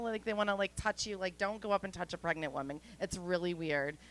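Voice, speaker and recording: A woman in her forties doing a stand-up comedy set, chatty and self-mocking, with deadpan throwaway asides. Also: sits high, quick pace, hardly any pauses, poor audio. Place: outdoor studio stage.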